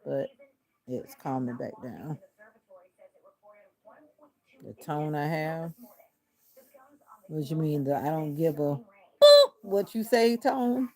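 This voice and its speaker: A woman with a low, gravelly voice chats casually with viewers on a livestream. Her tone is mellow and deliberately monotone. She talks while doing arm exercises on her couch. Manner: deliberately flat, monotone delivery. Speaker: livestream host.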